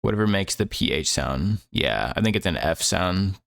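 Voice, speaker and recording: A man's voice: low-pitched, animated, normal speed, creaky, a bit bright. A young man chatting casually on a stream while drawing, rambling with lots of fillers and laughing at himself.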